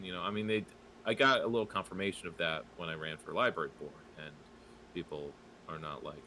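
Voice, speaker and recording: A man with a low, bright, forceful voice chats casually on a podcast. He hesitates often, piling up fillers and restarts. A faint hiss sits under the recording. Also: normal speed, rough recording. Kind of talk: casual political podcast chat.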